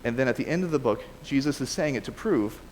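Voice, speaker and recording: A man's voice: mid-range voice, expressive, fast, a little mellow, long reverb tail, slight background noise, rough recording. A man preaching a casual sermon and reading scripture aloud, talking conversationally with frequent restarts and self-corrections. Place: church sanctuary.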